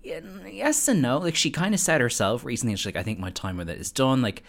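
A man's voice: mid-range voice, big pitch swings, quick pace, fairly bright tone. A man co-hosting a podcast, chatting casually with a wry, amused manner and frequent laughter. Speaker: podcast co-host. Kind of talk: casual chat.

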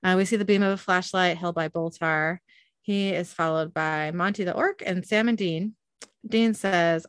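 A woman reading a story aloud as narrator, in an even narrating manner. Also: lowish voice, normal speed, clear, resonant tone, no room sound, clean studio sound.

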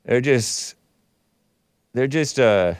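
A man's voice: medium pitch, drawn-out words, no echo, studio quality. A man hosting a commentary show, reading a news article aloud and breaking into sarcastic, mocking asides with chuckles. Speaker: host. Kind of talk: casual commentary monologue.

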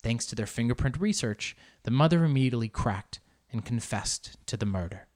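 A man hosting a casual solo podcast, talking in an animated, joking and profane way and slipping into Spanish words. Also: mid-range voice, fairly quick. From Argentine family background. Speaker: podcast host.

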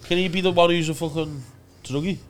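A man with a Liverpool accent co-hosting a podcast, chiming in with quick jokes. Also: fairly high pitch, steady tone. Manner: quick, joking interjections. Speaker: podcast co-host. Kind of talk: casual banter.

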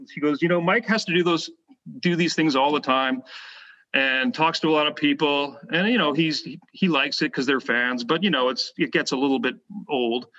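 A Canadian former basketball player, appearing as a podcast guest, tells stories in a casual interview and animatedly acts out the voices of the people in them, using plenty of fillers. His voice is fairly high and moderately paced, and the audio is dull.

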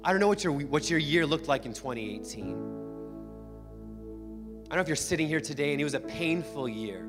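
A man's voice: on the high side, animated, a little fast, long pauses. A male pastor preaching a sermon in a church, emphatic and repetitive, returning to the same phrases again and again. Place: church sanctuary. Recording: long hall reverb with band music.

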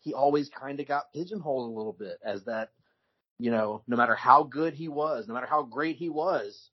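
Husky-voiced man chatting casually. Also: mid-range voice, brisk. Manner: relaxed storytelling with frequent restarts. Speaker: podcast co-host. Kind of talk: casual chat. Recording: dull lo-fi recording.

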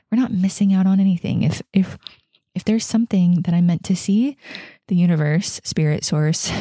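A pregnant woman in her thirties talks in a candid, chatty way on her own podcast, laughing often and circling back on her words. Her voice sits low and mellow. The sound is close and dry, with no room around it. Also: no echo. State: heavily pregnant. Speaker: podcast host. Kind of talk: casual personal reflection.

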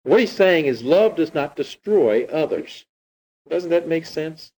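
A man's voice: a little high, lively intonation, unhurried, darkish tone, poor audio. Man preaching a sermon. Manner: teaching, retelling scripture with rhetorical questions. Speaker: pastor.

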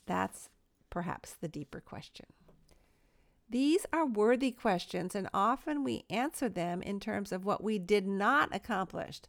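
A middle-aged woman gives an earnest devotional talk, telling small stories from home with self-deprecating humor. Her voice has a gravelly creak, and the recording is dry and close to the mic. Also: mid-range voice, lively intonation, slow pace, no echo. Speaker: Christian speaker.

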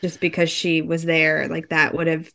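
Woman, podcast co-host, lowish voice, reflective casual talk. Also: little pitch movement, moderate pace, vocal fry, a bit bright. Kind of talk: casual chat.

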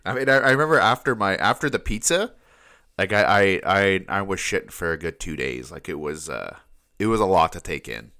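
Deep-voiced rambling man, chatty. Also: expressive, fairly quick, sharp tone. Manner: rambling, stammers with repeated words, laughs often. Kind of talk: casual chat.

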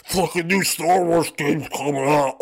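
A man putting on a loud, dim-witted young bro who calls himself a rebel, in a boastful drawl. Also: fairly high pitch, a little slow.

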